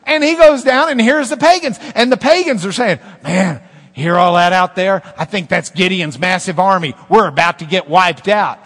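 A man preaching a sermon as pastor, animated, with swings between loud emphasis and hushed asides. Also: sits high, moderate pace, big-room sound.

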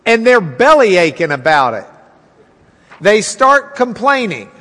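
A man's voice: very animated, measured pace, bright, forceful tone, big-room sound. A man teaching a Bible class in a folksy sermon style, acting out the people's complaints in a raised voice. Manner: folksy, acts out quotes with raised pitch.

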